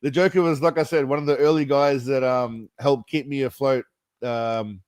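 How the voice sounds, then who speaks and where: A man hosts a relaxed livestream chat with viewers, rambling from one thought to the next, chuckling often and calling people mate and brother. His medium-pitched voice sits in a middling register at a normal speed, recorded close and dry with no room echo.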